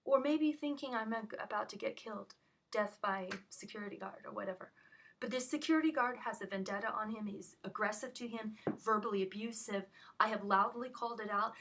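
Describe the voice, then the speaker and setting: A woman's voice: fairly high pitch, brisk, a little hiss or hum. A woman on a phone call, telling what happened in an agitated, rambling way full of restarts. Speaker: caller recounting an incident. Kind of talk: emotional phone conversation.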